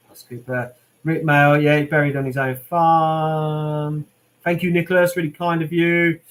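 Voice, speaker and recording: This channel host, a British man, answers live chat on his Q&A stream in a fairly high, unhurried voice. He reads viewer comments aloud and chats casually, sprinkling in lots of "um" and "mate."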